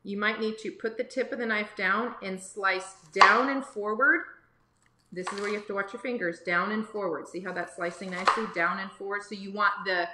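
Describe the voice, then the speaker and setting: A woman's voice: mid-range voice, steady tone, moderate pace, reverberant, very noisy. A woman hosting a live cooking lesson for kids from a home kitchen, chatty and encouraging as she talks to viewers. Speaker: cooking teacher and livestream host. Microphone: phone or camera on livestream.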